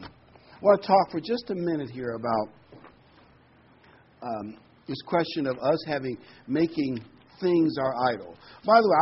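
Man preaching a conversational sermon. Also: on the high side. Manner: conversational, reads scripture slowly with emphasis. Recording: dull lo-fi recording with faint noise.

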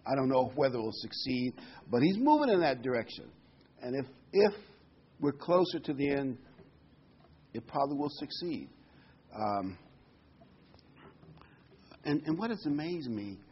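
An older man giving a conversational sermon as a pastor, often restarting his words and hesitating. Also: mid-range voice. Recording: dull lo-fi recording with faint noise.

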